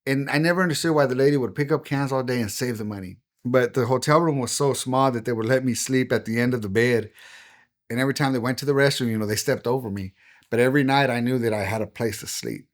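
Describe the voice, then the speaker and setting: A man's voice: mid-range voice, quick pace. A middle-aged man, a pastor, telling his personal testimony as a podcast guest in an earnest, heartfelt way.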